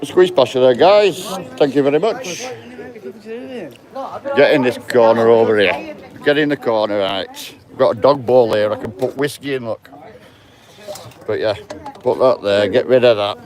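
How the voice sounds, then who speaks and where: A man's voice: medium pitch, normal speed, long pauses. A man, chatting casually outdoors in the rain, joking and swearing freely. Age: 30s. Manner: chatty, swears a lot, jokey banter. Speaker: vlogger. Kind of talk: casual chat to camera. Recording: outdoor crowd noise. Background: crowd chatter.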